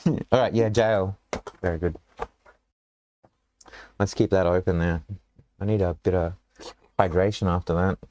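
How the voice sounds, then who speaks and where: A man's voice: deep voice, fairly even intonation, normal speed, pauses often, a little mellow. A man with an Australian accent, chatting casually and joking as he draws a dungeon map, rambling with lots of fillers. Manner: rambling, joking, thinks aloud with many fillers. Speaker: dungeon designer and show host. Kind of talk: casual chat while drawing a dungeon map.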